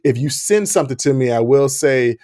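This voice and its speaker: A man's voice: medium pitch, lively intonation, fairly quick, mellow, no echo, clean studio sound. A man hosting a podcast, talking frankly and laughing often in casual chat. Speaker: podcast host.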